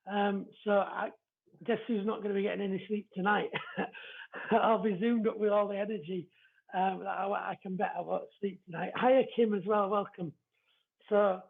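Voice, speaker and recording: Yorkshire male medium, gravelly and husky, hesitant and chatty, phone-quality audio. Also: high voice. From East Yorkshire. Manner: chatty, halting, many fillers and restarts. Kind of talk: live-streamed reading. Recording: tinny phone-like sound.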